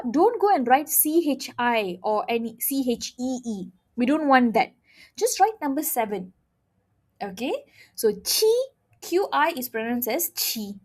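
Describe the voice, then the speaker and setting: A woman teaching a language lesson, patiently demonstrating sounds and often checking in with "okay?". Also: sits high. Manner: demonstrates sounds by drilling syllables aloud.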